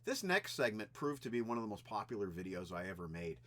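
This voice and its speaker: A man hosting a rock music vlog, telling anecdotes in a chatty, animated way. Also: fairly low pitch, fast. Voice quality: animated, chatty storyteller who does little sound effects. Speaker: host of a rock music video channel. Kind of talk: casual storytelling vlog.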